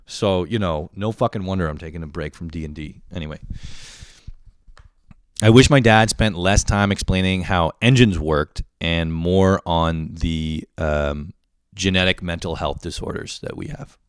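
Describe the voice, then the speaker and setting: A man's voice: sits low, normal speed, clear, resonant tone, dry recording, studio quality. A young man in his twenties ranting casually and comically, swearing a lot and laughing often. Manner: profane, animated, laughs often. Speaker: vlogger. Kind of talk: casual comedic rant.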